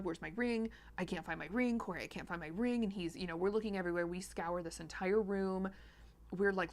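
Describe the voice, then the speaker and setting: A woman vlogger speaks in a somewhat low, relaxed voice as she chats through a story. She rambles, backtracks and fills her talk with "like" and "you know". It sounds like easy, unscripted talk to viewers while sewing. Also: vocal fry. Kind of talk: casual storytelling chat.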